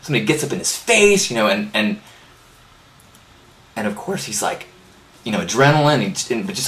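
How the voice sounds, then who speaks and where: A man hosting a live inspirational talk, praying and then telling a story in an earnest, animated way. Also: lowish voice, fairly quick, long pauses. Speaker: host. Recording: roomy live webcast audio.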